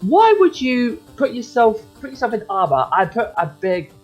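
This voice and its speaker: Lively male podcast co-host. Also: extremely high pitch, normal speed, soft background music, poor audio. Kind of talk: casual gaming podcast chat.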